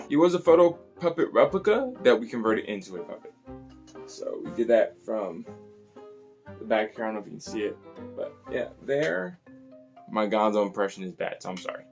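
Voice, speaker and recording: A man hosting a casual tour of his puppet collection, in a chatty, animated way. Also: medium pitch, normal speed, soft background music. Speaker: puppet collector and channel host.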